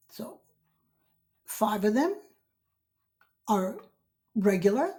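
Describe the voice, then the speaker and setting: A woman teaching as a language teacher, speaking patiently and pausing to drill each verb form one word at a time. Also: medium pitch, darkish tone. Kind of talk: slow instructional voice-over.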